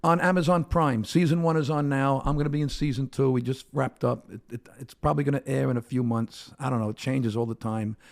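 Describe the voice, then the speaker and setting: A man's voice: mid-range voice, fairly even intonation, brisk, creaky, few pauses. A man, a comedian telling brash, wisecracking stories as a podcast guest. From Brooklyn, New York. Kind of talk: casual storytelling chat.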